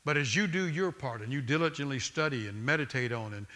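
A man's voice: medium pitch, fast talker, bright, forceful tone. A man preaching a sermon, with an emphatic, repetitive cadence that builds through lists of phrases.

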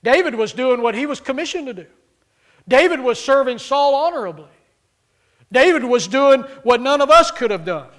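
Preaching with expressive fervor at normal speed, a man swings between loud, emphatic highs and low passages. He voices the characters of scripture as he goes.

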